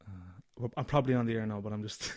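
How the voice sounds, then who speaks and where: A man's voice: lowish voice, fast talker, a little mellow. A man with an Irish accent hosting a casual internet radio show, giggly and swearing freely. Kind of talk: casual chat.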